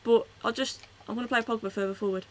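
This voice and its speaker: A woman streams a football video game live, shouting excitedly at the match, then settling into casual chat and reading her viewers' messages. Her voice is a little high and her pace quick.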